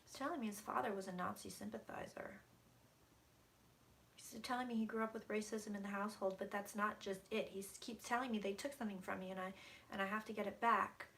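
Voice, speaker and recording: A woman's voice: mid-range voice, steady tone, a little fast, gravelly, a bit bright, a little hiss or hum. A woman psychic channeling on a live stream from her room, talking intensely, dropping to whispers and swearing freely. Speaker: psychic reader.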